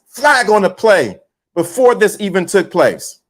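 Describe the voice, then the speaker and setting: A man's voice: sits high, moderate pace. A man hosting a casual livestream, talking emphatically and repeating his points while greeting viewers in the chat. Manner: animated, emphatic, repeats himself. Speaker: livestream host.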